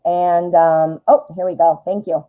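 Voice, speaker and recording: Forties woman, Midwestern American accent, low and warm-toned, self-deprecating live tarot host. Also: fairly even intonation, a little slow, poor audio. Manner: chatty, rambling, self-deprecating. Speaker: tarot reader. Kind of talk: live-stream tarot reading.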